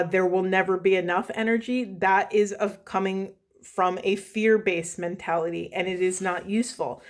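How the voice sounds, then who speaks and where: Woman tarot reader, earnest and rambling, voice going hoarse, medium pitch, slows to repeat key phrases. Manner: earnest, rambling, apologetic self-corrections; slow emphatic repetition of key phrases. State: losing her voice. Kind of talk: spiritual tarot reading monologue.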